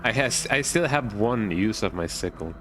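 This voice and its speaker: Playful low-voiced male gaming streamer. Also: animated, moderate pace, a bit bright, a little hiss or hum. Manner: chatty, playful, adds "eh?" to remarks; thinks aloud, repeats words in silly riffs. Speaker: streamer playing a horror game. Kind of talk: casual gaming commentary.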